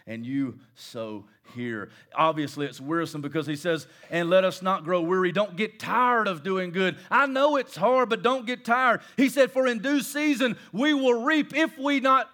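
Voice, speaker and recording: A man preaching a sermon who swings between soft, quiet asides and shouted points, acting out his listeners' voices and joking with them. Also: extremely high pitch. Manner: acts out listeners' voices and jokes with the crowd. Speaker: pastor.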